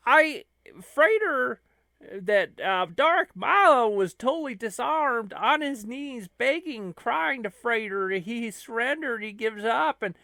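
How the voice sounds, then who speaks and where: A man voicing an excitable, rambling male sidekick who talks loudly and high. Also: no echo, studio quality, heavily acted.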